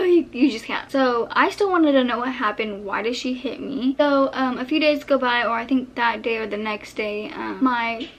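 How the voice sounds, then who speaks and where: A young woman in a casual storytime vlog, retelling events with animated acting-out of her own past lines. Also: high-pitched, normal speed, few pauses, lo-fi sound. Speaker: vlogger.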